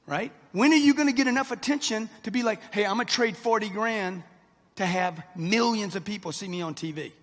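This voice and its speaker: A man's voice: high-pitched, a little fast, fairly bright tone. A man in his sixties gives a brash, punchy motivational speech, talking straight to a live crowd in a large event hall. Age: 60s. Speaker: motivational speaker. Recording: long hall reverb.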